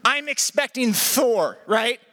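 A man preaching a sermon, telling a comic personal story with lively energy. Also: very high voice, slow pace. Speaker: pastor. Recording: echoey hall.

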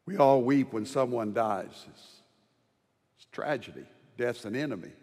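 A man preaching a sermon as pastor, dropping to hushed tender lows and rising to loud ringing proclamation. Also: animated, measured pace. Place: large church sanctuary. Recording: long hall reverb.

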